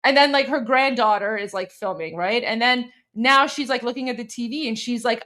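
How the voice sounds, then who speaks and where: A woman from Canada hosts a political commentary show, chatting through a video clip for her viewers. Her voice sits a little high, and she keeps looping back with fillers and restarts. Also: brisk, pushed and bright.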